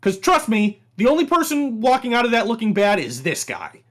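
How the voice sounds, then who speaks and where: A man's voice: very high voice, fairly quick. A man hosting a talk show, addressing the audience and firmly moderating his co-hosts. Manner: animated, firm moderator. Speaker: show host.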